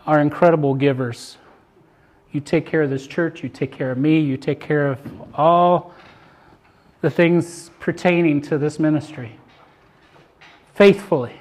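An older male pastor with a fairly high voice delivers a sermon to his congregation. He swings from loud, climbing emphasis down to soft, thoughtful musing as he reads and explains scripture.

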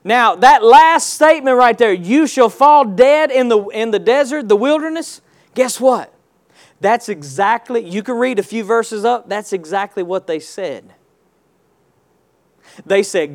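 A man's voice: very high voice, lively intonation, unhurried. A male pastor preaching a sermon, reading scripture and calling on the congregation to answer back. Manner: preaching with call-and-response, rising to loud exclamations.

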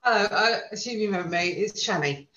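A woman giving a friendly, low-key self-introduction as a virtual assistant on a video call. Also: expressive, quick pace, pushed and bright. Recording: echoey, dull video call audio.

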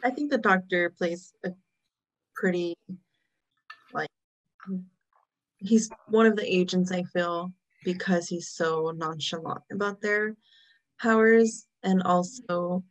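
A woman's voice: on the low side, slow pace, pauses often. A woman co-hosting a casual chat, chiming in with thoughtful theories about a show. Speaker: podcast co-host.

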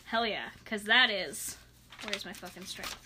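A woman's voice: medium pitch, expressive, a little slow, noisy background. A woman playing in a tabletop game, joking and sing-songing with the table. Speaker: player. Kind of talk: casual game chat.

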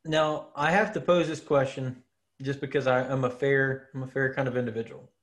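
A man co-hosting a casual sports podcast, laying out his points with long, relaxed examples. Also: medium pitch, normal speed. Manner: laid-back, argues with long examples. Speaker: podcast co-host.

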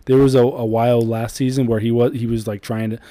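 Man, thirties, casual chat, blunt, swears a lot, warm dark voice, dry close sound. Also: mid-range voice, flat delivery, a little fast, dry recording. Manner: blunt, swears freely, laid-back storytelling. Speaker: podcast co-host.

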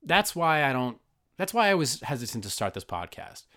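Man, podcast host, solo comic rant, rambling, profane, self-deprecating, lively and animated voice. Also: on the high side, moderate pace. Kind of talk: solo comedic monologue.

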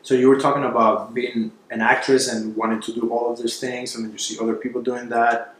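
A man hosts the podcast, candid and a little self-questioning. His voice sits at a middle pitch. The recording is very echoey, with a faint hiss behind it. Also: level tone, a little fast. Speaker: podcast host, filmmaker. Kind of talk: reflective podcast conversation. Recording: echoey room with faint noise.

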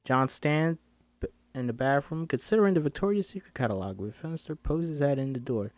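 A man's voice: fairly high pitch, lively intonation, fairly quick, dry recording. A man reading a screenplay aloud and breaking off for chatty, self-interrupting asides. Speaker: script reader and commentator.

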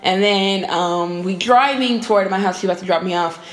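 A young woman telling a personal story in casual chat on a podcast, laughing often and acting out the quotes in a higher voice. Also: a little fast. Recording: echoey room.

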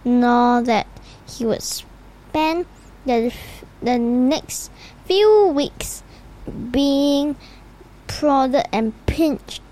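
A woman reading a children's storybook aloud in an unhurried way, with occasional slips and restarts. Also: sits high, mellow, rough recording. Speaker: reader.

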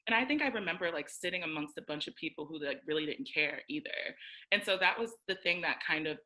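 Bright-voiced young woman telling stories. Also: low-pitched, fast talker, low-quality recording. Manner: animated storytelling, acts out quotes, many "like" fillers. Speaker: podcast co-host. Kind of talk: casual chat.

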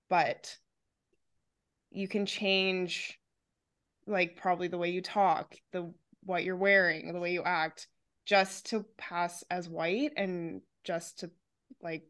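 A young woman talking casually about a novel on a book podcast, reflective and analytical. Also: on the low side.

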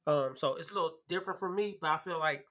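A man's voice: a little high, fast talker, fairly bright tone. A man on a casual podcast, emphatic and repeating key phrases, often checking in with "right?".

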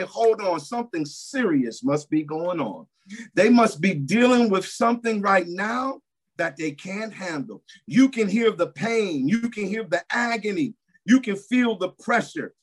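A man preaching a sermon in a church service, emphatic and repetitive, swinging between loud declarations and hushed asides. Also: high voice.

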